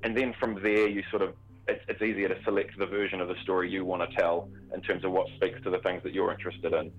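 Casting: lower-voiced male radio guest, animated, filler-heavy, lively storyteller. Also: quick pace, lo-fi sound, a little hiss or hum. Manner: animated, chatty with many fillers. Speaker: theatre performer. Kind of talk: interview guest.

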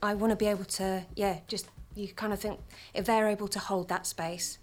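A woman stage actor who is a guest on a radio interview, speaking softly and searching for her words with many fillers. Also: medium pitch, little pitch movement, a little fast. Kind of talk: studio interview.

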